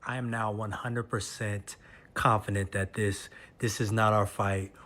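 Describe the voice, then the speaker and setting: A man's voice: lowish voice, flat delivery, a little slow, a bit bright. A man hosting a news stream, giving firm, declarative opinion commentary. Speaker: stream host.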